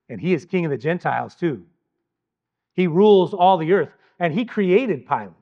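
A man teaching about the Bible in a measured, emphatic way, pausing deliberately on key words. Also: a little high, muffled recording. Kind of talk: scripted Bible teaching narration.

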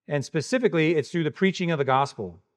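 A man's voice: fairly high pitch, quick pace. A man preaching an expository sermon verse by verse, emphatic and full of pointed rhetorical questions.

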